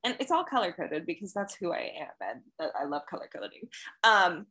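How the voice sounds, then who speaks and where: Bright chatty young woman co-host. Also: fairly low pitch, a little fast, poor audio. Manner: chatty, animated storytelling with many fillers. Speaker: podcast co-host. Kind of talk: casual chat.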